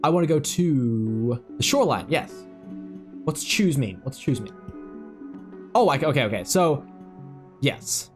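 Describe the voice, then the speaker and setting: A young man giving excitable, swearing gameplay commentary while he plays, talking to himself. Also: mid-range voice, measured pace, pauses often, soft background music. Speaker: gaming video creator.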